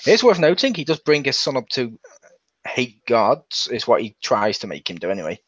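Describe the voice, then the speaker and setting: A man's voice: mid-range voice, big pitch swings, moderate pace, a bit bright, no room sound. A man hosting a casual game review, rambling along and restarting his sentences. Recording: dull lo-fi.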